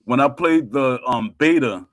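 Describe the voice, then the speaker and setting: A man's voice: medium pitch, unhurried, no room sound, clean studio sound. A man who is a guest on a podcast, chatting casually and mostly agreeing with short replies. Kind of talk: casual chat.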